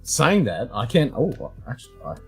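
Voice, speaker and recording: A man's voice: medium pitch, sing-song, moderate pace, creaky, slightly rough, soft background music. A man co-hosting a casual live stream, running the tech in a laid-back way and swearing casually. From Australia. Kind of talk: casual chat.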